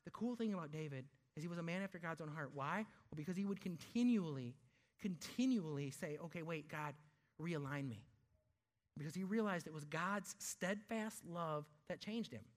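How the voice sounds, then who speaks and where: A man preaching a sermon, emphatic, asking rhetorical questions and slowing down to stress key words. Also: on the high side, expressive. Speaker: pastor.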